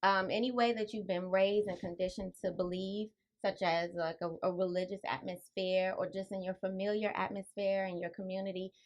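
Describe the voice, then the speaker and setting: Soft-spoken woman author guest. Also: highs cut off. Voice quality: soft, low-volume voice. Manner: calm, spiritual, unhurried explaining. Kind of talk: radio interview answers.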